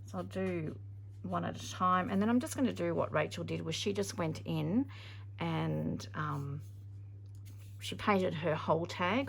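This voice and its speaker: A woman's voice: lowish voice, a little slow, vocal fry, slightly rough. A woman narrating a casual craft tutorial, chatty and thinking aloud with frequent ums. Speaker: craft video maker.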